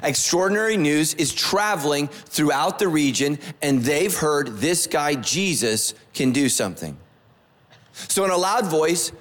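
A man's voice: on the high side, lively intonation, a little slow, fairly bright tone, long reverb tail. A male pastor giving a conversational sermon, repeating phrases and asking the congregation questions. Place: church sanctuary.

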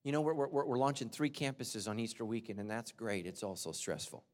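Pastor with animated sermon delivery. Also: male voice, mid-range voice, brisk. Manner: swings from loud shouting to quiet confession; humorous asides and acted-out quotes. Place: large church auditorium. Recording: long reverb of a large hall.

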